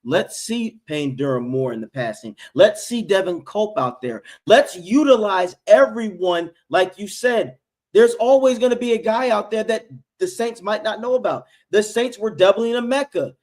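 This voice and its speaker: Fired-up, higher-voiced sports stream co-host. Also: male voice, expressive, normal speed, darkish tone. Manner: fired-up, blunt, keeps addressing his co-host. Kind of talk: casual sports reaction chat.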